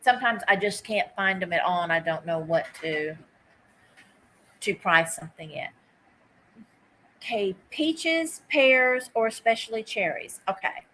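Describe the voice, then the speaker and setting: A woman's voice: medium pitch, expressive, unhurried, pauses often, bright, forceful tone, a little hiss or hum, poor audio. A woman hosting a live online vintage sale. She chats casually, greets viewers by name while she takes bids, and drops easy asides. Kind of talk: live-stream auction chat.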